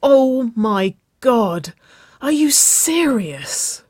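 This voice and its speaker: A reader voicing a smitten, flustered young woman who speaks in hushed, strained whispers in a storybook reading. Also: medium pitch, fairly even intonation, unhurried, gravelly, husky, no room sound, clean studio sound. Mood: shocked.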